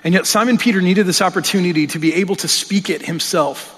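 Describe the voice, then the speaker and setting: A male pastor delivers a sermon in a fairly high voice, talking earnestly and casually, sometimes stumbling into restarts. His words ring out with a long reverb in a church. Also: fast, a bit bright, breathy edge. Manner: earnest, conversational preaching with frequent restarts. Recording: long reverb of a large hall.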